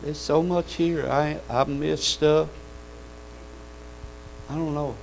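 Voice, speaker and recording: A man's voice: on the high side, steady tone, takes it slowly, creaky, slight background noise, low-quality recording. A man preaching a sermon in a folksy, fervent way, calling out amens and hallelujahs.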